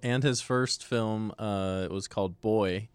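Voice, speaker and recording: A man's voice: lowish voice, a little slow, clear, resonant tone, no echo. A man co-hosting the show, talking casually and hesitantly with many fillers. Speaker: co-host. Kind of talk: casual chat.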